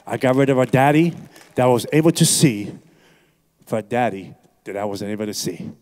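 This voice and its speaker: A man's voice: medium pitch, animated, brisk, a little mellow. Intense evangelist man from New York City. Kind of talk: preaching a personal testimony. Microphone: handheld microphone.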